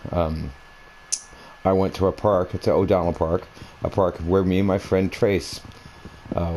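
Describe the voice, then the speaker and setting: A man with a deep, mellow voice talks casually over his console gameplay. He wanders from one thought to the next, full of fillers and restarts, and a faint hiss sits under the recording. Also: rough recording. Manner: meandering, conversational, many fillers and restarts. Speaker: gaming video creator. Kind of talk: rambling personal storytelling over gameplay. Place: at home, playing a console game.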